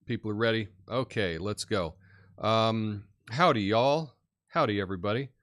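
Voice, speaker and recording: A man's voice: fairly low pitch, moderate pace, dry recording, studio quality. A middle-aged man from the United States hosting a live show, chatting casually, reading out viewer comments and laughing easily, with lots of fillers. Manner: relaxed, chatty, laughs often, many fillers.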